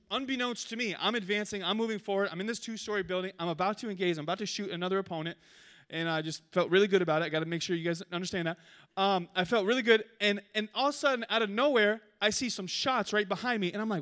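Male preacher, high voice, lively storyteller. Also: fast. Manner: animated storytelling with jokes. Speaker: pastor. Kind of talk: sermon.

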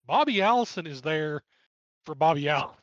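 Here a man co-hosting a podcast talks casually through a vintage race recap in an East Tennessee accent, chatty and wry, slipping jokes in between driver names. He sounds on the high side and fairly bright, animated and brisk. The recording has no echo but its highs are cut off.

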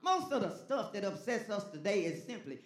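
A pastor preaching a sermon with call-and-response, dropping to a hush and then rising to a shout. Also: medium pitch, big pitch swings, fairly quick, roomy sound.

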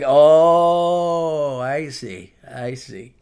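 A middle-aged man with a slightly high voice and moderate pace hosts a podcast, recounting travel stories in a casual, loosely rambling monologue. He's animated and laughs throughout.

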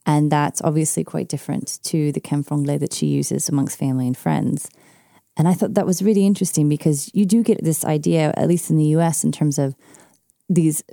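A woman with a low, gravelly voice interviews a guest, framing long questions and adding firm opinions of her own. Her tone is dark and mellow. The recording is dry and close. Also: no echo. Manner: emphatic, opinionated.

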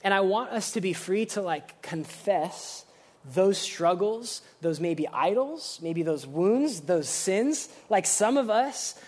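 A man preaching a casual, energetic sermon, using slang and swinging between loud emphasis and quiet reflection. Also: high-pitched, takes it slowly. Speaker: pastor.

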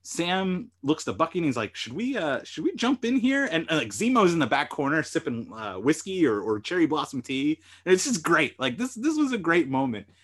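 A man's voice: on the high side, very animated, fairly quick, hardly any pauses, a bit bright. A man hosting a podcast and recapping a TV episode, retelling scenes animatedly and quoting the characters' lines. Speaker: podcast host and lawyer.

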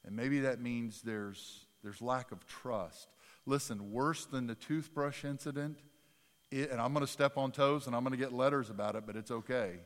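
In a large hall, a male pastor delivers an animated sermon in a church sanctuary, joking in a folksy, self-deprecating way. His medium-pitched voice moves at a moderate pace, shifting from quiet asides to loud, emphatic outbursts.

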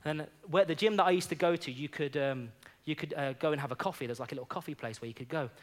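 A man's voice: fairly high pitch, fast talker. A man preaching a sermon, telling a personal story and then urging the congregation on with rising fervor. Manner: storytelling that builds into fervent exhortation.

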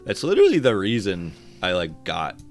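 Animated low-voiced man, casual podcast chat. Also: normal speed, soft background music. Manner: animated, swears often, lots of filler "like". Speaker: podcast co-host.

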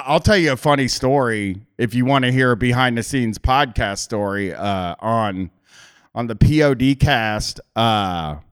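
A man's voice: medium pitch, a bit bright, smooth. A man hosting a podcast, telling stories in a loose, rambling way with restarts and casual swearing. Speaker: podcast host.

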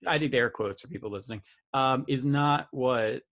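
A man's voice: mid-range voice, moderate pace, a bit bright. A man from the United States co-hosting a podcast in casual chat, rambling, joking and correcting himself as he goes. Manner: rambling, self-correcting, jokey. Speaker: podcast co-host.

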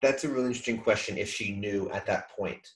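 A man co-hosting a casual podcast chat over a video call, lively and acting out quoted lines as he talks. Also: lowish voice, quick pace, poor audio. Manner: animated, acts out quoted lines. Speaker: podcast co-host.

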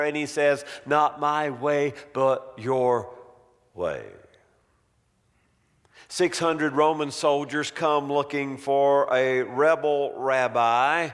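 Man, preacher, sermon, slow dramatic storytelling, large church hall, long reverb. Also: on the high side. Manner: dramatic storytelling, trailing off to near-quiet.

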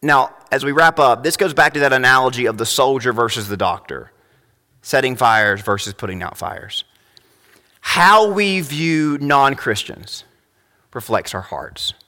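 A young adult man preaching a sermon as pastor, emphatic, rising to loud high peaks. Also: animated, unhurried, big-room sound.

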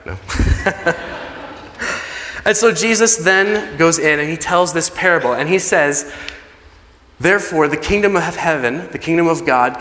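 A man's voice: a little high, pushed and bright. Man preaching in a reverberant hall. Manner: conversational preaching, acts out quoted pleas. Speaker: pastor. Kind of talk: sermon. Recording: long reverb of a large hall.

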